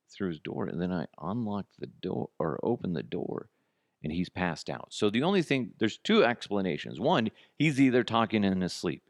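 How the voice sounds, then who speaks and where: A middle-aged man hosting a podcast, telling profane, comic stories in a casual way and jumping to a high, disbelieving pitch. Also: vocal fry, dry recording, studio quality. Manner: profane, animated, jumps to high incredulous pitch. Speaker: podcast host. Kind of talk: casual comedic storytelling.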